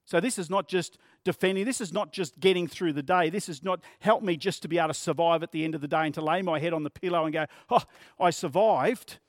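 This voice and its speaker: A man's voice: on the high side, steady tone, fast talker, few pauses, no echo, clean studio sound. A man preaching a sermon as pastor, earnest and plain-spoken, using vivid everyday examples.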